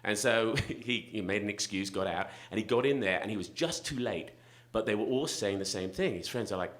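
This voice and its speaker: A man's voice: low-pitched, brisk, hardly any pauses, a bit bright. A middle-aged man telling a comic personal story live at a story slam, self-mocking and laughing through his lines, on a stage microphone in a restaurant event space.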